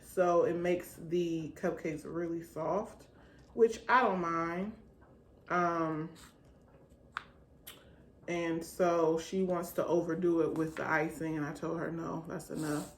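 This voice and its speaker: A woman's voice: fairly low pitch, takes it slowly, long pauses. A woman talking casually and with a teasing ease while she films her children baking in a home kitchen. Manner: relaxed, chatty, colloquial, teasing with her kids. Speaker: mother and home-schooling parent filming her kids. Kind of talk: casual home vlog chat. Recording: roomy with faint background noise.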